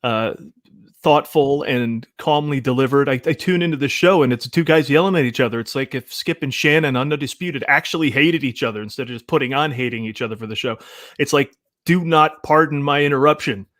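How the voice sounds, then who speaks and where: A man who is a guest on a casual interview show over a video call, joking and animated, jumping into quick asides. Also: medium pitch, no echo, studio quality.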